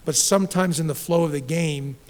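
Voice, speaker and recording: A middle-aged man, a basketball head coach, answering questions at a post-game press conference in a direct, animated way, with many restarts and repeated words. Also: on the high side, brisk, in a large hall.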